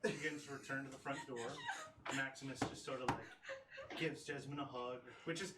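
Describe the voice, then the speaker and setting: A man narrating a tabletop game as game master, relaxed and loose with fillers. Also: mid-range voice, moderate pace. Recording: distant echoey mic with clear noise.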